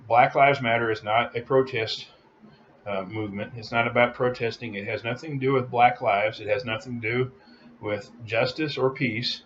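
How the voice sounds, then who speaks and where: A man's voice: mid-range voice, a bit bright, dull audio, slight background noise. A man delivering a heated, repetitive opinion rant as a vlogger.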